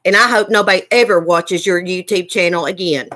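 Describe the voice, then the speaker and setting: A woman's voice: fairly low pitch, brisk, sharp tone, slight background noise. A woman ranting angrily on her livestream, swearing and repeating herself. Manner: heated, cussing, repetitive. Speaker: livestream host. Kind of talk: angry livestream rant.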